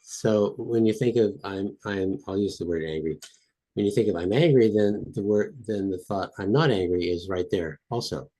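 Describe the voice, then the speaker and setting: A man's voice: on the low side, moderate pace, dark tone. A man guest on a podcast interview, explaining and demonstrating a technique with repeated phrases. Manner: repetitive, demonstrative, chanting phrases with rising intensity. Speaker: guest expert.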